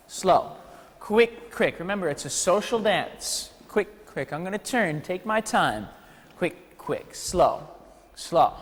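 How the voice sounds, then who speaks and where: Lively male dance teacher counting steps. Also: sits high, long reverb tail. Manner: energetic, counts steps aloud, playful asides. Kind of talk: teaching a ballroom dance class. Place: dance studio hall.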